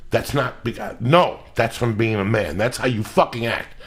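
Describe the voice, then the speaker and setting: A man's voice: medium pitch, normal speed, fairly bright tone. A middle-aged man hosting a podcast, ranting in a casual, profane, emphatic way. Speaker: podcast host.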